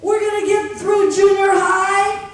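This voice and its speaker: A woman voicing a wild, rebellious female guardian angel who makes loud, excited, half-shouted promises. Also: very high voice, measured pace, pitched above the performer's own voice. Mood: rowdy. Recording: echoey theater from far off.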